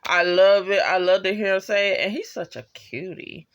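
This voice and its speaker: A casual vlog reviewer who rambles through the episode in loose, profane slang. The voice sits at a middle pitch, with frequent "you know" asides and fillers between thoughts. The tone is animated and laughs at favorite moments. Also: normal speed, few pauses. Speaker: TV show reviewer.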